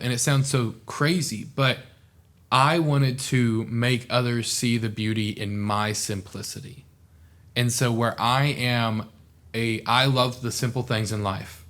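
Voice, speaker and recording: Speaking at a normal speed with fairly even intonation, this young adult has a medium-pitched, fairly bright voice. He's a former student officer from southeast Oklahoma appearing as a podcast guest, talking in a heartfelt, rambling way packed with "like" during a relaxed interview.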